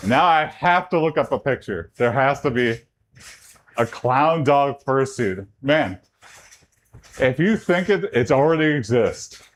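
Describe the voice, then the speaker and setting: A man in casual livestream chat, rambling from one thought to the next. His mid-pitched voice leaps up sharply whenever something excites him. He talks to his viewers while working out. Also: measured pace, a little hiss or hum. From Texas. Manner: chatty, rambling, pitch jumps up when excited. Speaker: streamer.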